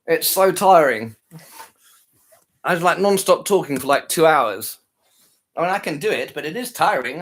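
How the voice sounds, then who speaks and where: A man's voice: fairly high pitch, fairly bright tone. A tired man chatting casually to his viewers after a live stream, rambling, repeating himself and trailing off. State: tired, worn out.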